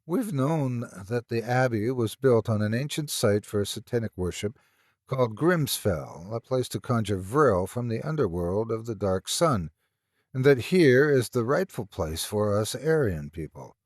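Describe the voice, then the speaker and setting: A man's voice: medium pitch, lively intonation, measured pace, no room sound, clean studio sound. A man voicing a frightened, insistent young woman with a German accent in an audiobook. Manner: agitated, urgent.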